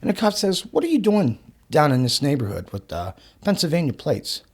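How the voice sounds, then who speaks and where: A man on a podcast as the guest, telling a story in an excitable way. He swears often, laughs mid-sentence and acts out the dialogue. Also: on the high side, fairly quick, husky. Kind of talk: animated storytelling.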